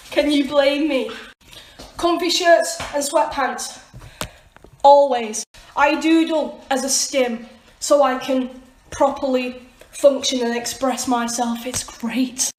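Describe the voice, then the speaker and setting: A woman with a high voice runs through a quick list in an upbeat, matter-of-fact way. The room around her is echoey. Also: steady tone, a little hiss or hum. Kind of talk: quick list-style vlog.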